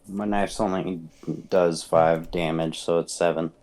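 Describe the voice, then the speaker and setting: Low-voiced guy at a tabletop game, terse and blunt. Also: fairly even intonation, a little slow, darkish tone. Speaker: player.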